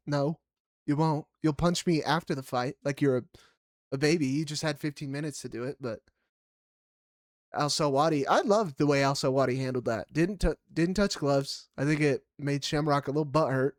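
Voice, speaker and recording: Animated, swearing man recapping fights. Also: on the high side, a little fast, no room sound, clean studio sound. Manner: animated, swears freely, laughs loudly. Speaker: podcast co-host. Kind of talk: casual MMA fight recap.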